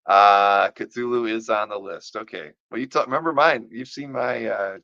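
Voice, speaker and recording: Deep gravelly guy rambling on about art, losing his voice, dull lo-fi audio. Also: normal speed, pushed and bright, dry recording. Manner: rambling, enthusiastic, many fillers and restarts. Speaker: podcast host. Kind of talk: casual chat.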